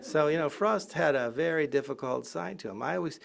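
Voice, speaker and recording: A professor giving a public lecture, telling anecdotes and acting out the voices in them. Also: male voice, fairly high pitch, fairly quick, vocal fry, a crowd in the background. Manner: lively anecdotal storytelling, acting out quotes. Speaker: professor and biographer.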